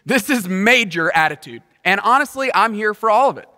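A man preaching a sermon as pastor, animated and playful, acting out the people in the story. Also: sits high, moderate pace, in a large hall. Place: large church auditorium.

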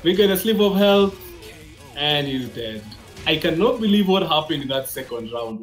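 An excitable male esports commentator with a lively, animated delivery, jumping from calm play-by-play to loud disbelief. His pitch swings widely as he calls the action. Faint music plays behind him. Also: moderate pace. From Africa. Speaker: fighting game commentator.

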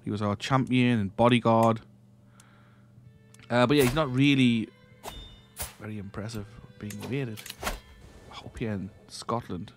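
A man's voice: medium pitch, measured pace, long pauses, music in the background. A man hosting a let's-play, casually thinking aloud as he plays a strategy game, often trailing off and restarting. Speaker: gaming channel host.

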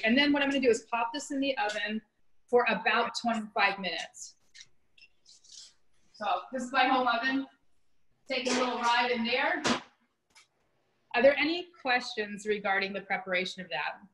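A woman's voice: a little high, normal speed, fairly bright tone, a little hiss or hum, poor audio. A woman in her fifties, a chef teaching a cooking class from her home kitchen over a video call, chatty and self-deprecating with frequent laughs. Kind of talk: casual live cooking demonstration.

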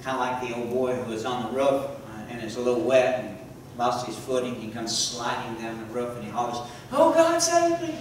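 A man preaching a sermon to a congregation, often pausing to ask the listeners questions and repeating key words. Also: mid-range voice, little pitch movement, a little hiss or hum. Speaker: preacher and teacher. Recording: echoey hall from far off.

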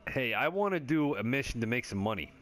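A man's voice: medium pitch, very animated, fairly quick, fairly bright tone. A man giving casual, rambling commentary over his gameplay, joking and swearing freely with lots of fillers. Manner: laid-back stoner chatter with frequent fillers. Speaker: gaming video creator.

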